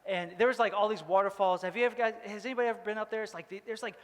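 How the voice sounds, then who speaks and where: A man's voice: high voice, fairly even intonation, very fast, in a large hall. A male pastor giving a casual, joking sermon, rambling with many fillers. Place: church hall.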